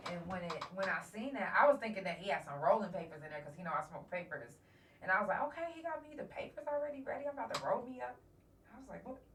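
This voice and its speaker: A woman's voice: lowish voice, fairly bright tone, distant mic, a little hiss or hum. A woman hosting a live podcast, telling candid, emotional stories in a profane, casual way. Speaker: podcast host. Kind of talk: casual live-stream storytelling. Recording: roomy echo, voice from off mic.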